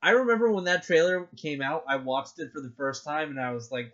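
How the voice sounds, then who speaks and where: A man co-hosting a podcast in casual chat, excitable and gushing, acting out his own reactions. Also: on the high side, a little fast, lo-fi sound. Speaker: podcast co-host.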